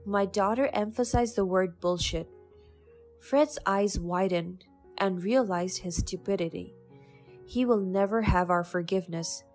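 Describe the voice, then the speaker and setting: A woman telling a first-person story at an even, measured pace. Her voice sits in a mid register. Faint music plays beneath her. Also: medium pitch. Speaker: narrator.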